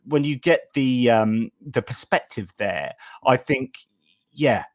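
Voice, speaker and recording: Male host, hesitant halting delivery, dry close recording. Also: mid-range voice, animated, no room sound. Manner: hesitant, many fillers and restarts. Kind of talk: casual live-stream conversation.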